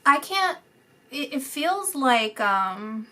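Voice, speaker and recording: A woman's voice: high voice, very animated, slow. A woman giving a casual psychic reading, hesitant and full of fillers, sometimes dropping to a whisper. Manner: hesitant, many fillers, drifts into soft whispers. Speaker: psychic reader.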